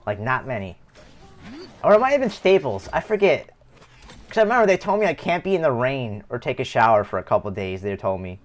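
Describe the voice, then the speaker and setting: A man's voice: medium pitch, sing-song, brisk. A young man streaming live, telling a rambling personal story with heavy swearing and many restarts. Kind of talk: casual storytelling.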